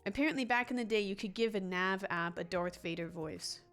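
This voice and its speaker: A woman hosting a relaxed gaming livestream, chatting loosely with her viewers at an ordinary middle pitch. She rambles, restarts her sentences and breaks into laughs as she answers the chat. Faint music plays softly behind her. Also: brisk.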